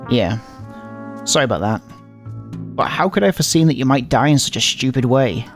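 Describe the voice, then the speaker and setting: A man's voice: on the high side, fast, faint music behind. Man hamming up a visual novel reading. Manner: playful, exaggerated line delivery. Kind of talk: comedic dramatic reading.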